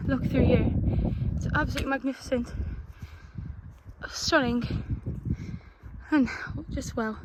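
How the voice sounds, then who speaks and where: Chatty high-voiced Irish woman outdoors. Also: fairly even intonation, measured pace, pauses often, heavy background noise. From Ireland. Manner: chatty, exclamatory, slangy. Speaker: vlogger. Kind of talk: casual outdoor vlog chat. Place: outdoors on coastal cliffs and hills.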